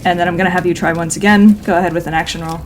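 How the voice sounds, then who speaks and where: A woman's voice: on the low side, fairly even intonation, racing, slight background noise. A woman narrating a tabletop role-playing game as game master, often laughing as she describes the scene.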